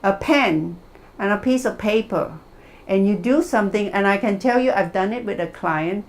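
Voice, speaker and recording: A woman's voice: mid-range voice, normal speed. A woman leading a wellness workshop as a hypnotherapist, telling stories and acting out the voices of the people in them. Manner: animated, acts out the people in her stories. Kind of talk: wellness workshop talk with storytelling.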